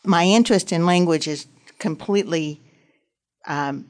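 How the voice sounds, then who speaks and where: A woman in her sixties from western North Carolina with a Southern US accent, a copy editor talking in a warm, folksy, articulate way as an interview guest. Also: on the low side, measured pace. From western North Carolina, United States. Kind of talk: casual interview talk.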